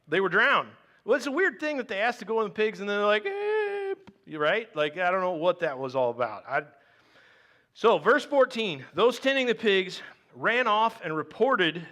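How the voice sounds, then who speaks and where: A man with a bright, somewhat high voice preaching a sermon. He reads scripture aloud, then breaks into animated, joking asides as a pastor speaking to his congregation. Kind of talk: conversational sermon.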